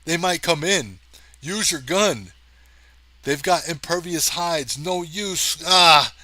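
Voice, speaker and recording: A man voicing an excitable young male space cameraman for a storybook reading, speaking in an urgent, raised voice. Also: fairly high pitch, slow, no room sound, pitched above the performer's own voice, full character voice. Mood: frantic.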